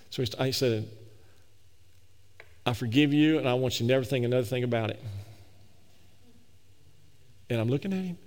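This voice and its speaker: A middle-aged man preaching a sermon, telling a personal story in a folksy, animated way full of repetitions. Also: a little high, big-room sound. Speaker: pastor.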